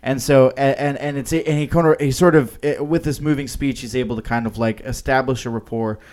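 A man in casual conversation on a film podcast, his voice sitting at an ordinary middle pitch. He talks loosely and hesitantly, circling back, restarting sentences, and filling pauses with "um" and "like.". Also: fairly even intonation, a little mellow. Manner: hesitant, lots of "like" and "um" with frequent restarts. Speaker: podcast co-host. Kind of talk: casual film-discussion chat.

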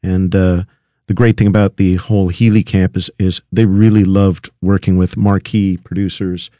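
A man's voice: low voice, flat delivery, dark tone, no room sound. A middle-aged man, a recording engineer, telling how he got started in an interview, with frequent restarts and fillers. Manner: halting, many restarts and fillers. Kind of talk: storytelling interview.

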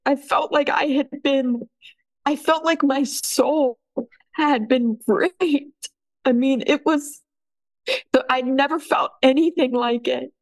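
A woman telling her own painful story as a podcast guest, halting often and restarting her sentences. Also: high-pitched, steady tone, rough recording. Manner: halting, with many restarts and fillers. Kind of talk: emotional personal account.

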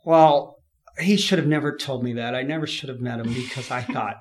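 A man from California, a podcast guest, telling his story in a lively way, laughing often and acting out what people said. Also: mid-range voice, fairly quick. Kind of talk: storytelling in an interview.

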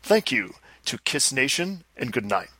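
A man's voice: medium pitch, very animated, a little slow, sharp tone, no room sound, exaggerated voice. A man putting on a boastful, pompous rock star impression on a podcast.

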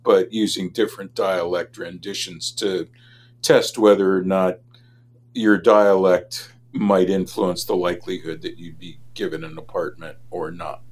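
A man from Los Angeles, a linguist answering interview questions in a measured, academic way. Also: low-pitched, flat delivery. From Los Angeles, USA. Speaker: linguist, guest expert.

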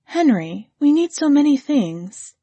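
A woman voicing a tense young wife in a read-aloud story, pitching her voice higher and speaking with earnest strain. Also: very animated, measured pace, mellow, dry recording, full character voice. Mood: pleading. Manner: earnest, strained, rising to anger.

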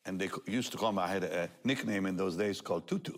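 Speaking low and fast, an older man shares his personal testimony as a guest on a talk show. His telling is lively, broken by frequent laughter and reenactments of what other people said.

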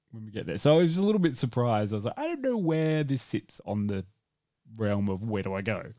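A man talking casually on a movie podcast, rambling and restarting his sentences often. His pitch jumps about a lot in a mid-range voice. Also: very animated, a little fast, darkish tone. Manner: rambling, many restarts and fillers, swearing. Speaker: podcast co-host.

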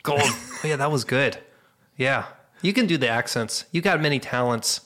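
A man's voice: medium pitch, expressive, moderate pace, pushed and bright. A man co-hosting a podcast, joking and teasing his friend in loose banter and laughing often. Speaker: podcast co-host. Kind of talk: casual banter.

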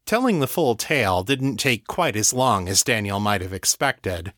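A man narrating a serialized audiobook with steady, measured storytelling. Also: on the low side, no echo, clean studio sound. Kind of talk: scripted narration.

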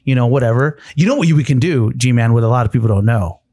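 Guy co-hosting a podcast, animated, acts out what people said, dry sound. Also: mid-range voice, fast, husky, dry recording. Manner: animated, acts out quoted voices. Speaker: podcast co-host. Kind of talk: casual podcast banter.

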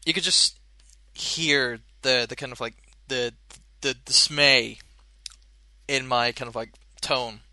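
A young man talks through a casual podcast segment, wandering from point to point with plenty of "uh"s and "you know"s. His voice is very bright and smooth, and the recording is close and dry with no room around it. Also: mid-range voice, fairly even intonation, unhurried, no room sound. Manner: rambling, many fillers and restarts. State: chewing gum. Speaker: podcast host. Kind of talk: casual chat.

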